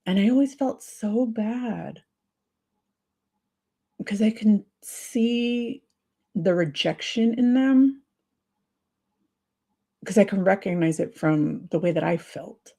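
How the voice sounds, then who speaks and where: Husky, gravelly woman confiding. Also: mid-range voice, takes it slowly, long pauses, warm tone. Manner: confiding and emotional, sympathetic. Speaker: livestream host. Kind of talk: livestream chat with viewers.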